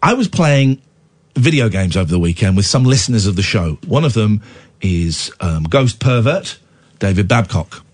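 A man's voice: lowish voice, lively intonation, moderate pace, husky. A man hosting late-night talk radio, tired with a cold, talking in a playful, mock-indignant way. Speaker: radio host.

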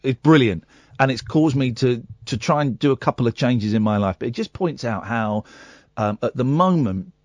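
A man's voice: mid-range voice, lively intonation, normal speed, a little mellow, no room sound, muffled recording. A man hosting late-night radio, chatting and reading out a news story with asides and self-corrections. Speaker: radio host. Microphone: studio microphone.

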